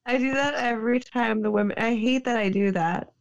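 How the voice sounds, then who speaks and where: A woman's voice: a little high, a little fast, gravelly. A woman co-hosting a casual podcast, telling stories in a chatty way and swearing casually. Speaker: podcast co-host. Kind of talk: casual chat.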